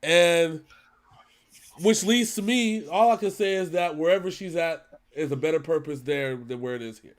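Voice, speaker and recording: Earnest halting man, fairly high voice. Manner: earnest, halting, with many restarts. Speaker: reaction channel co-host. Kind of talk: emotional casual talk.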